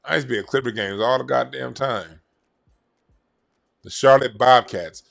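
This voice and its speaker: Blunt gravelly man ranting. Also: mid-range voice, normal speed, a bit bright, faint music behind. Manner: blunt, profane, rambling. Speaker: YouTube commentator. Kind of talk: casual commentary vlog.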